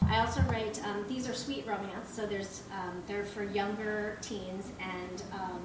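A woman's voice: mid-range voice, fairly even intonation, unhurried. A woman author introducing her books at a live panel, bubbly and full of fillers. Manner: bubbly, many fillers, giggly asides. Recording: echoey room, far from mic, noisy.

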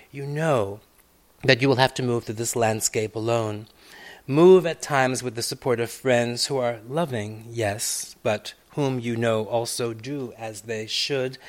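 A man reading his own personal essay aloud, measured and reflective, with long winding sentences full of asides. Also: medium pitch. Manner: swells loud on key phrases, then drops to near-hushed tones. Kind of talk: literary reading.

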